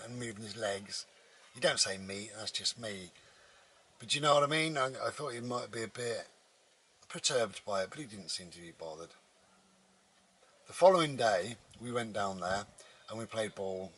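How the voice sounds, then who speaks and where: A man's voice: lowish voice, fairly bright tone, a little hiss or hum, rough recording. A man, a vlogger, telling a personal story in a rambling, casual way with many restarts. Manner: rambling, with frequent restarts and fillers.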